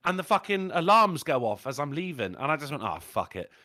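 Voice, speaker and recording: His voice sits a little high and moves at a quick pace, captured dry and studio-clean. He's a British podcast co-host, a mischievous, animated storyteller who chats casually and swears liberally.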